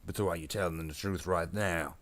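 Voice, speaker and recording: A man's voice: low voice, steady tone, brisk, a bit bright. A man voicing a dim, bossy male orc warboss who blusters, gets muddled and makes threats. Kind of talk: improvised comedy skit while painting.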